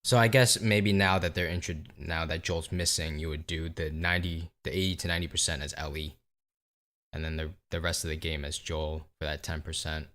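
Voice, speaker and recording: A man co-hosting a podcast, chatting casually about video games in a relaxed, teasing way and swearing now and then. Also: very deep voice, brisk. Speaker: podcast co-host.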